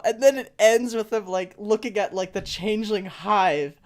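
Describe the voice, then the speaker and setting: Co-hosting a laid-back fan podcast, a young man talks in a rambling, excitable way, using lots of fillers and breaking into sudden enthusiasm. His voice sits high, and he keeps a moderate pace with few pauses.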